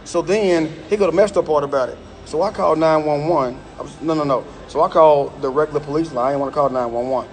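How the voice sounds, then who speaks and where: A middle-aged man vents into a phone live stream from inside a gym. He talks in a heated, emphatic way and circles back to the same points again and again. His voice sits a little higher than most men's. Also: fast talker, hardly any pauses. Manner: angry, emphatic, repeats himself. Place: indoor gym.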